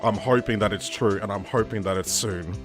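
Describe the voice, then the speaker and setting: A man's voice: fairly low pitch, fairly quick, music in the background. A man with an Australian accent chatting casually while he streams a video game, joking at his own expense. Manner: chatty, self-mocking, trying out voices. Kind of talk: casual live-stream commentary.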